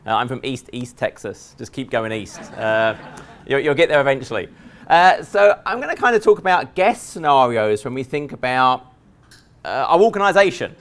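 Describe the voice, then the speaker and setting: An Englishman with an English accent giving a technical conference presentation to a live audience, joking and relaxed, with many fillers and restarts. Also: mid-range voice, moderate pace. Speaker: conference speaker.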